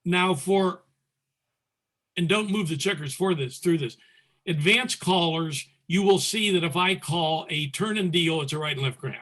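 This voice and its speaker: A man presenting a square dance calling lesson over a video call, explaining methodically and calling moves in crisp, clipped commands. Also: fairly high pitch, a little slow, fairly bright tone. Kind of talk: teaching talk, calling demonstration calls.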